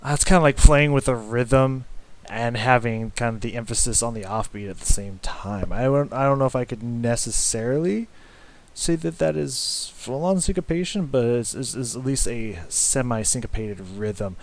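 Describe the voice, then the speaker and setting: A man giving casual music reaction commentary, rambling and halting with many fillers and restarts, swearing casually and humming along with the riffs. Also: mid-range voice. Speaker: music reaction channel host.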